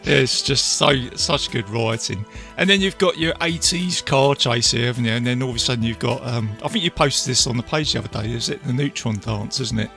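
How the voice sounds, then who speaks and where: A man's voice: mid-range voice, fairly quick, gravelly, few pauses, bright, forceful tone, faint music behind. A man, guest on a film podcast, talking chattily with tag questions and quoting scenes. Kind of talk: casual film review chat.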